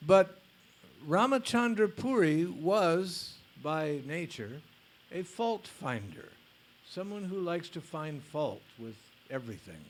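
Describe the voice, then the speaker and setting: A male spiritual teacher reads a story aloud during a lecture. He speaks slowly and deliberately in a voice pitched a bit high for a man. Now and then he drops in a blunt casual aside. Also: big pitch swings.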